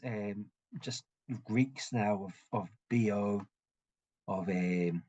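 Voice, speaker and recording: A man narrating a tabletop game as game master, halting and full of restarts. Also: on the low side, breathy edge.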